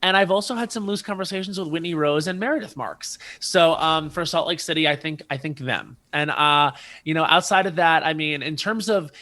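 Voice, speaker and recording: A man who is a guest on a podcast, telling stories in casual chat with animated asides. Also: a little high. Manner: animated storyteller, quick asides.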